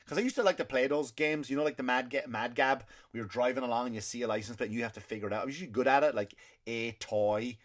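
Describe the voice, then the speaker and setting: A man's voice: mid-range voice, fast. A male comedian hosting his podcast, telling a rambling, profane story with indignant asides.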